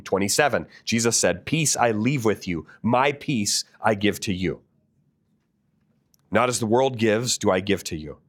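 A man preaching a sermon as a pastor, earnest and asking the listeners direct questions. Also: lowish voice.

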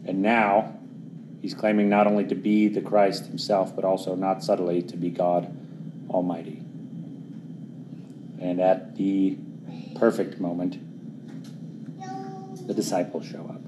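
A man preaching a sermon, earnest, often dropping to a hushed voice for dramatic moments and then pushing louder for emphasis. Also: low-pitched, level tone, unhurried, pauses often, background noise. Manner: earnest, swings between quiet dramatic drops and louder emphatic pushes.

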